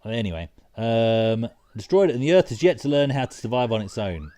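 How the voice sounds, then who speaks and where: A man giving casual, excitable commentary while playing a retro game, laughing often and talking to himself. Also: medium pitch, fairly quick. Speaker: retro gaming vlogger.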